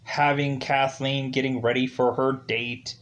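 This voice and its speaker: A man's voice: medium pitch, level tone, a little slow, a bit bright. A man reviewing a movie in a casual, rambling way, leaning on fillers like "like" and "ultimately". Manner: rambling, heavy use of "like" and "ultimately".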